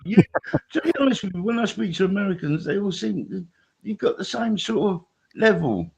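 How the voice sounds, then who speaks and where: A man's voice: sits high, big pitch swings, moderate pace, creaky, slightly rough. An older man with a British accent, a regular guest chatting casually, rambling and swearing freely. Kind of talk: casual chat.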